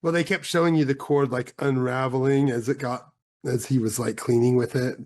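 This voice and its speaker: A man's voice: mid-range voice, steady tone, moderate pace, darkish tone. Blunt man co-hosting a film review. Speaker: podcast co-host reviewing films. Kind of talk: casual film review chat.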